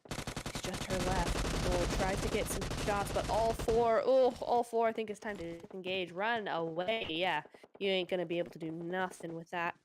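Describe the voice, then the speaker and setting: A woman casting a mobile shooter tournament live, chatty and quick to exclaim at the action. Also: fairly low pitch, noisy background. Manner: excitable, chatty, exclaims often. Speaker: esports caster. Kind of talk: live play-by-play commentary.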